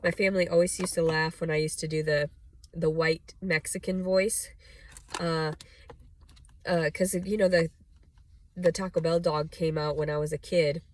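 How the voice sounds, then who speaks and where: A woman's voice: sits low, fairly even intonation, normal speed, long pauses. A young adult woman vlogging in a rambling personal monologue, blunt and profane, full of "like" and "you know".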